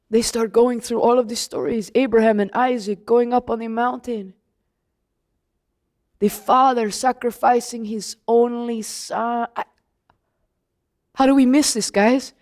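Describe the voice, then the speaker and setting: A woman playing an excited young disciple John. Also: a little high, takes it slowly, long pauses. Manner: animated, talks straight to the audience. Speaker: storyteller in first-person monologue. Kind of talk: dramatic first-person Bible storytelling.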